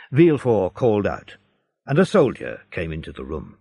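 A man narrating a story in a measured, clear manner. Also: low-pitched, wildly swooping pitch, dark tone, no echo. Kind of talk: scripted narration.

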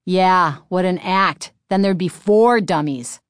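A woman's voice: on the low side, slow pace, clear, resonant tone, dry recording, studio quality. Woman playing a teasing young boy. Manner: teasing, joking.

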